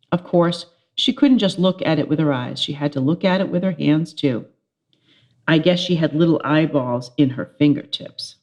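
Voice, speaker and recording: A woman's voice: deep voice, normal speed. Woman reading a children's chapter book aloud. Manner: expressive storytelling with character voices.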